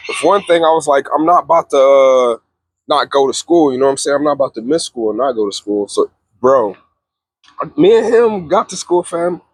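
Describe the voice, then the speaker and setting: Husky young man, laid-back storytelling. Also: a little high, dry recording. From Texas. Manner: laid-back, says "fam" constantly, acts out voices with laughs. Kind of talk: casual storytime vlog.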